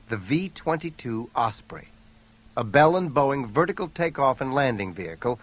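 A man narrates a thriller audiobook at a mid-range pitch. His delivery is steady and even, with a clear storytelling rhythm. It stays measured through the action. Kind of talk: scripted narration.

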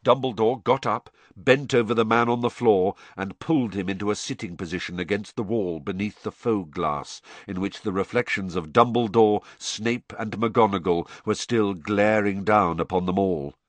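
A man reading a novel aloud in measured, expressive storytelling. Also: lowish voice, no echo. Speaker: audiobook narrator. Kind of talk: scripted narration.

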